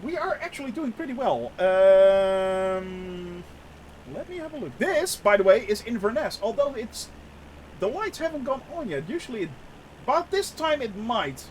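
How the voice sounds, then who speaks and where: Chatty man streaming with a high voice. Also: big pitch swings, moderate pace, slight background noise. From Netherlands. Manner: chatty, laughs often, many fillers. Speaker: flight sim streamer. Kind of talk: casual live-stream commentary.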